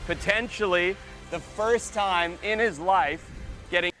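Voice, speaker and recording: A man presenting wildlife on location, excitable and exclamatory, cooing at the animals he is showing. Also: sits high, slow, faint music behind.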